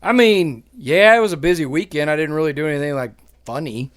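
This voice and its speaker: A man rambles through a story on a podcast, correcting himself as he goes. His voice runs slightly high and is recorded dry, with no room sound. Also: fairly quick, a bit bright, no room sound. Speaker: podcast co-host. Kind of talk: casual chat.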